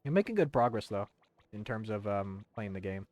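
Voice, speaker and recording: A man's voice: lowish voice, animated, moderate pace, darkish tone, no room sound. Rambling, swearing male streamer. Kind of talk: casual game commentary.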